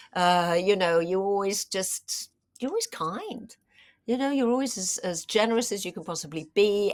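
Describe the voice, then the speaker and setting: A middle-aged woman, an actress, telling stories in a casual interview, animated and full of fillers and restarts. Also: on the low side. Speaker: actress and screenwriter, interview guest.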